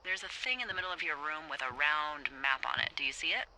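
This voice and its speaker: An actress playing a wry, teasing lookout supervisor who swears freely, heard over a walkie-talkie radio in a video game. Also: female voice, low voice, lively intonation, brisk, pushed and bright, a little hiss or hum, heavily acted, low-quality recording. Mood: briefing. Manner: playful, sarcastic, swears freely.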